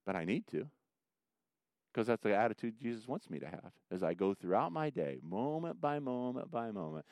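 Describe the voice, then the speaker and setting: A middle-aged man preaching a sermon in a relaxed, storytelling way. His voice is very animated in pitch, leaping up for emphatic exclamations and sinking low and soft for reflective lines. The sound is close and dry, with little room around it. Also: normal speed, no echo. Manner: conversational storytelling, swinging between loud emphatic bursts and soft near-whispers. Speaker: pastor.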